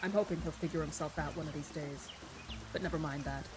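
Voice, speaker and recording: Woman doing a soft-spoken gentle young man. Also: low voice, fairly even intonation, fast, background noise, pitched below the performer's own voice, close to an everyday voice.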